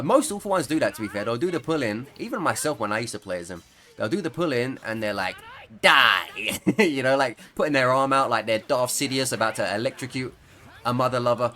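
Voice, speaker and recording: A man's voice: medium pitch, expressive, a little fast, fairly bright tone. Rambling, jokey male gameplay commentator. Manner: rambling, jokey, laughs often. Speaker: gaming YouTuber.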